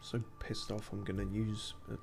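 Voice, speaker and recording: A man with a low, gravelly voice gives rambling, sweary commentary while playing a video game. He mocks himself as he goes, and game music plays under his talk. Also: level tone, normal speed. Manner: sweary, rambling, self-mocking. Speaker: let's play streamer. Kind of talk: casual gameplay commentary.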